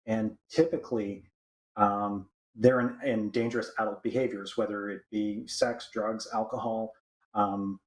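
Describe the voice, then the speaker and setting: A man with a somewhat low voice speaks thoughtfully and in a measured way, pausing often with ums. His voice carries a noticeable room echo. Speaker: talk show co-host. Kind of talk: casual discussion. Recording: roomy echo.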